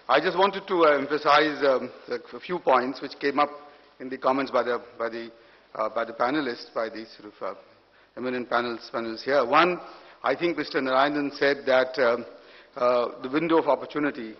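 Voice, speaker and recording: An Indian man gives panel remarks as an economist, halting and repeating words as he goes. His pitch is middling. The sound is dull and carries long reverb from a large hall. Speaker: economist, report author.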